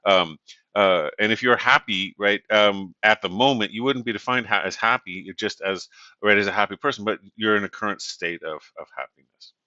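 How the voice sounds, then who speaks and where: A man teaching a university Spanish class in a relaxed, conversational way, often checking in with "right?". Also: on the low side, moderate pace, no echo. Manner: relaxed and conversational, many fillers and "right?" tag questions. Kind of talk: recorded lecture. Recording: dull, dry lo-fi audio.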